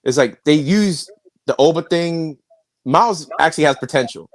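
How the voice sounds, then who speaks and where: A man on a wrestling podcast panel, measured and a little hesitant, often restarting his sentences. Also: a little high, dry recording. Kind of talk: casual wrestling review chat.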